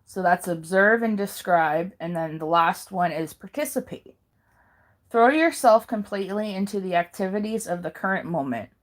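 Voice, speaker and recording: A woman reading handouts aloud in a careful, halting way, pausing and correcting herself now and then. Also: mid-range voice. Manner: slow careful reading with pauses and self-corrections. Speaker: video maker.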